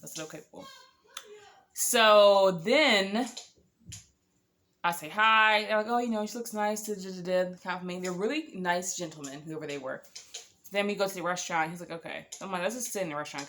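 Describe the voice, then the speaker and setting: A woman's voice: lowish voice, fairly bright tone. A woman telling a story to camera, casual and candid, swearing freely as she quotes herself and others. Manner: candid, blunt and profane, quoting others in asides; exasperated, rambling storytelling. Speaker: storytime vlogger.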